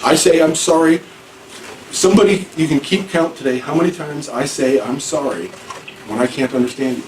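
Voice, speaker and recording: Distant teacher in an echoey classroom. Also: male voice, on the high side, moderate pace. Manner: informal, repeats and restarts, acts out examples. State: hard of hearing. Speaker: ESL teacher. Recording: echoey room, far from mic, faint noise.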